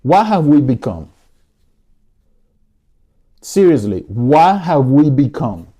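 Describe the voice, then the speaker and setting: A man's voice: medium pitch, very animated, slow, warm tone, husky. A man hosting a talk show, delivering emotional solo commentary in a pleading, repetitive way, speaking from his living room. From United States. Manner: emotional, pleading, repeats himself. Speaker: podcast host.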